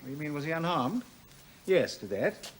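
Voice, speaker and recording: An actor playing a coolly ironic male university official who questions people in a measured, dry, insinuating manner. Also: on the high side, very animated, slight background noise. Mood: probing. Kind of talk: 1980s television drama.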